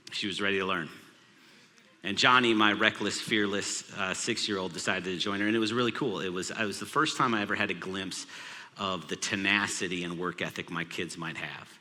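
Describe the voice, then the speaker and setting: Man, low pitch, sharp forceful tone, sermon anecdote, long hall reverb. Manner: humorous anecdotal storytelling. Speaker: pastor. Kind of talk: sermon storytelling. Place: large church auditorium.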